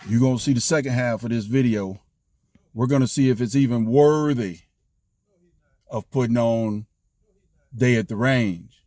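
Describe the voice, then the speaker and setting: A man hosting a shooting vlog outdoors at a range, chatting folksy to viewers and getting excited at good shots. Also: mid-range voice, no room sound, studio quality. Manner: excitable, hollers when shots land. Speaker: shooting channel host. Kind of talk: casual vlog talk to camera.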